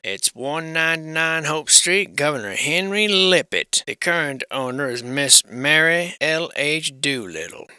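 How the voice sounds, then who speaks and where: Sarcastic man with a very bright voice. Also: fairly high pitch, lively intonation, measured pace, few pauses, clear, resonant tone, no room sound. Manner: sarcastic, irreverent, swears freely; rambling, thinks aloud with asides. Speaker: channel host. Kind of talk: casual commentary on old building survey photos.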